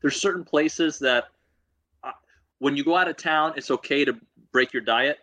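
A young adult man co-hosting a casual sports chat, joking and animated, teasing rival fans. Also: fairly high pitch, moderate pace, a little hiss or hum. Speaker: co-host.

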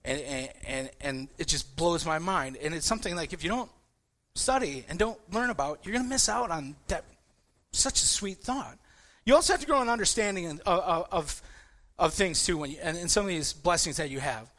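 Bright-voiced man telling sermon stories. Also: a little high, moderate pace. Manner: repetitive restarts, animated storytelling. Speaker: preacher. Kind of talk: casual sermon with personal stories.

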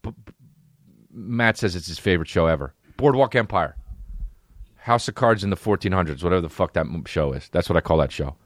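A man's voice: low-pitched, brisk, no room sound, studio quality. A man hosting a comedy podcast, rambling and cursing through a casual solo monologue. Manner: rambling, profane, full of impressions. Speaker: podcast host.

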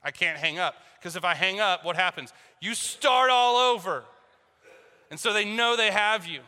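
A man's voice: high-pitched, expressive, normal speed, bright, forceful tone. A man preaching a sermon, telling a story and acting out both sides of a phone call with jokes. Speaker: pastor. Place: church hall. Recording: long hall reverb.

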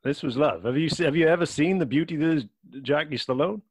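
A man's voice: a little high, quick pace, breathy edge, no echo. A man joking and laughing as a guest in casual podcast banter.

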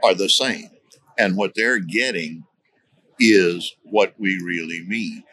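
A man with a very low-pitched voice that still carries a bright, forceful edge. He talks as a podcast guest in a deliberate, teaching manner, circling back to repeat his key words. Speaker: guest, safety trainer. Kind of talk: conversational podcast interview.

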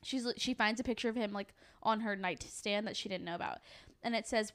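A young adult woman in casual chat, telling stories in an animated way, full of "like" and swearing. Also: mid-range voice, brisk. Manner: animated storytelling, heavy swearing and "like" fillers.

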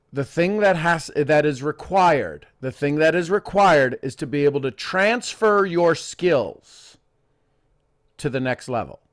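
A middle-aged man running a live coaching session, his voice sitting a little higher than most men's. He talks in a playful, teasing way, laughing often and drifting into side stories before he pulls back to the point.

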